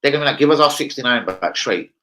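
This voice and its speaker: A man's voice: lively intonation, fast talker, rough recording. Brash, swearing young man. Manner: brash, swearing, jokey, shifts between loud rapping and low muttering. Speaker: livestream host. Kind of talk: casual live football chat with freestyle rap.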